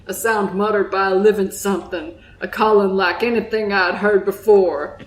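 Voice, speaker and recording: A woman's voice: medium pitch, steady tone, a little hiss or hum, lightly acted. A woman doing an old drunk sailor, Southern drawl. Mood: solemn, haunted. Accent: Southern US, put on. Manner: slow, solemn storytelling, breaking into giggles. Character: old male drunk sailor, bitter and haunted. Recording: roomy echo.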